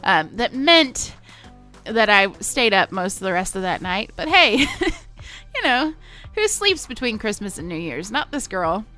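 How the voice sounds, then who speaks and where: A woman's voice: mid-range voice, big pitch swings, a little slow, bright, forceful tone, faint music behind. A woman in her late twenties with a Southern American accent, chatting casually and rambling over her gameplay with fillers and self-mocking asides. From Missouri. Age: 20s. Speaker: gaming vlogger.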